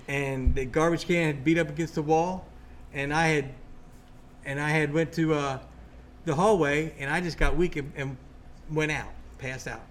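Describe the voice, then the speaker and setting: Excitable man telling a story. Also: a little high, moderate pace, slight background noise. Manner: excitable, rambling, restarts often. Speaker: guest telling a ghost story. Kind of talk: casual storytelling.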